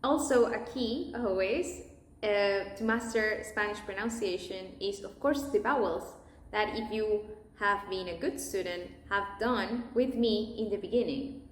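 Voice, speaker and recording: A woman teaching pronunciation at a very unhurried pace. She models each word carefully, stretching and exaggerating sounds for learners to copy. Her voice sits at a middle pitch and carries a noticeable room echo. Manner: slow, deliberate, exaggerates sounds to demonstrate. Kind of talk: pronunciation lesson, listen and repeat.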